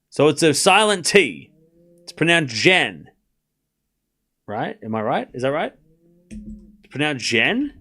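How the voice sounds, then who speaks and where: Lively and chatty, this male stream host has a voice on the high side. He hosts a live tennis watchalong, giving casual commentary and chatting with viewers, speaking directly to his live chat with quick asides and restarts.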